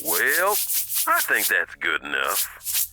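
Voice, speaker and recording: An actor playing a loud, crude and boastful man who argues and makes threats on a phone call in a game. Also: deep voice, wildly swooping pitch, slow pace, soft background music, heavily acted. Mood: brash.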